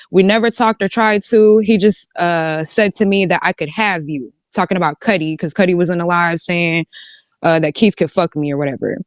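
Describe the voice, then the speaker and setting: Woman streamer, candid casual storyteller reading texts aloud, lowish pitch. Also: dry recording, clean studio sound. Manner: reads out text messages, slangy and candid. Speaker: live streamer. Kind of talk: casual recounting of messages.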